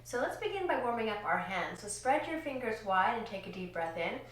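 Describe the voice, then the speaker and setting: Gentle woman guiding a kids yoga class. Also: a little high, big pitch swings, a little hiss or hum. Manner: gentle, encouraging, slow cues timed to breath. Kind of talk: guided kids yoga lesson. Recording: echoey room, distant from mic.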